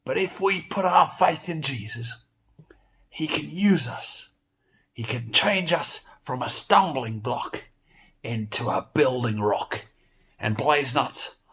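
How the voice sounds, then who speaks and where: Guy doing a kids' church lesson, kinda high voice, playful and animated, lots of exclaiming. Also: vocal fry. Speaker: children's church teacher. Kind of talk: storytelling Bible lesson for children.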